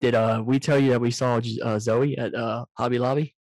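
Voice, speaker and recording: A man hosting a casual podcast over a video call, telling stories in an animated, profane way, very close to his microphone. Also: medium pitch, fairly quick, dry recording. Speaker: podcast host. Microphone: too close to the microphone, loud.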